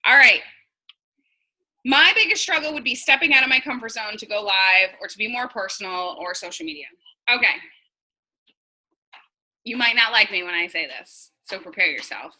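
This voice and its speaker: Woman, 30s, from New York, blunt and chatty team coach, bright and fairly high voice. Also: rough recording. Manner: chatty, blunt, acts out quoted dialogue. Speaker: direct sales team leader. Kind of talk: casual coaching talk on a live video.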